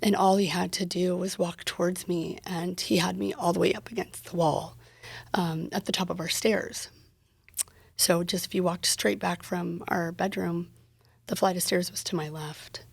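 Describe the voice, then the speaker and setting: A woman retells a painful personal story in an interview, candid and emotional, and acts out the dialogue as she goes. Her voice is gravelly and husky. It is recorded close and dry. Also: lowish voice, steady tone, normal speed, dry recording. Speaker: podcast guest.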